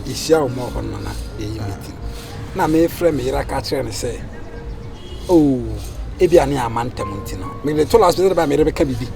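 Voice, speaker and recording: A man's voice: mid-range voice, animated, brisk, gravelly, over music. A man playing a rambling, defensive husband. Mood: storytelling. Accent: Ghanaian. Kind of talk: Ghanaian comedy film acting.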